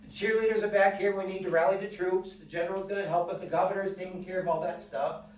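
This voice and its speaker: A man leads a class as he teaches, pitched a touch high, explaining things plainly and checking in with his students through questions. He is caught from across the room, so his voice rings with heavy echo. A faint hiss sits under the recording. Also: fairly even intonation, fast talker. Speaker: wellness instructor. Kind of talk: classroom lecture with guided breathing. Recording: echoey room, mic from a distance.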